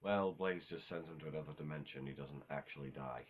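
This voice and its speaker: Guy with a really deep voice, just chatting offhand, swears a bit, trips over his words. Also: fairly quick, a little hiss or hum. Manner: rambling and offhand, with casual swearing and self-corrections. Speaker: video host ranking game villains. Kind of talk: casual unscripted monologue.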